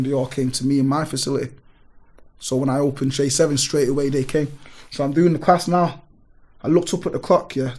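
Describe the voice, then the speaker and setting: A man, a gym owner telling stories in an animated, emphatic way full of street on a casual podcast. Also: medium pitch. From Britain. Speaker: gym owner and powerlifting guest.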